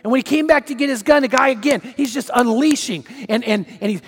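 Male pastor, conversational storyteller, raised pitch, faint music underneath. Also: fast talker, hardly any pauses, a bit bright, long reverb tail. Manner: storytelling, conversational, with repeated rhetorical questions. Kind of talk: sermon.

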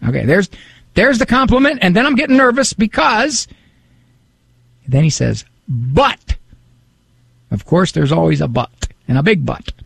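A male talk show host speaks from a dry studio in a gravelly, slightly husky voice. His delivery is animated and lively, with self-deprecating asides as he reads listener emails aloud. His pitch sits a little above the usual for a man. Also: normal speed, no room sound. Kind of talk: casual radio talk. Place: radio studio.

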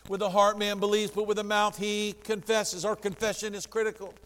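A man preaching a sermon as pastor, animated, dropping to a hush and rising to a shout. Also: high-pitched, brisk. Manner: animated, swings from hushed to shouting. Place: church sanctuary. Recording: long reverb of a church hall.

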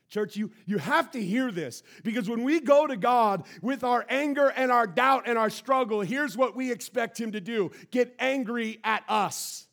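A pastor preaching a sermon in a church, impassioned, swinging between loud and hushed. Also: male voice, extremely high pitch, unhurried, vocal fry.

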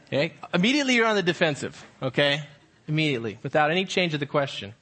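A man preaching as a high school pastor, posing slow rhetorical questions and acting out different tones of voice. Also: sing-song, pushed and bright. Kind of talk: sermon.

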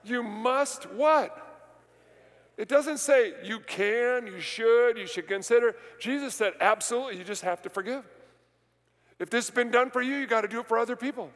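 Man, pastor, sermon, fairly high voice, calls out questions to the crowd, long reverb. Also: fairly bright tone. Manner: asks the congregation rhetorical questions and pauses for answers. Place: large church sanctuary.

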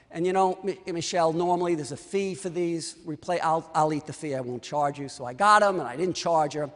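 High-voiced man telling a story in a hall. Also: fairly quick, hardly any pauses. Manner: lively storyteller who acts out the dialogue. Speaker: orthodontist. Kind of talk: storytelling talk to an audience.

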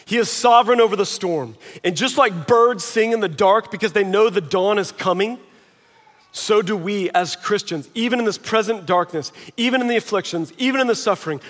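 Animated male pastor in a hall. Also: high voice, normal speed. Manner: conversational, animated, drops to quiet intensity. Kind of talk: sermon.

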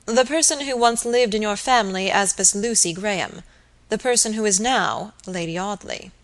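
A woman voicing a grave, earnest young male barrister, speaking in a formal, measured way. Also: mid-range voice, natural voice.

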